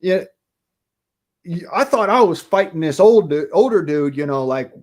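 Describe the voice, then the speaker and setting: A man's voice: a little high, animated, moderate pace, darkish tone. A man from Utah in casual chat, telling a rambling childhood story and cursing freely.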